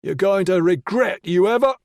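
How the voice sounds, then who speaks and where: A man's voice: high voice, normal speed, a little mellow, no room sound, clean studio sound, voice pushed up. A man voicing a menacing male attacker who taunts his victim in an audiobook thriller. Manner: taunting, threatening. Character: menacing male attacker, a detective gone bad. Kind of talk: audiobook character voice.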